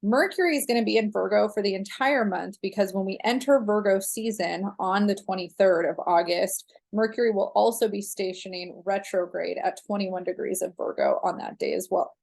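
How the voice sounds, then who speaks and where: A woman's voice: mid-range voice, moderate pace, gravelly, hardly any pauses, darkish tone. A woman astrologer talking through a monthly horoscope in a casual, rambling way with frequent fillers.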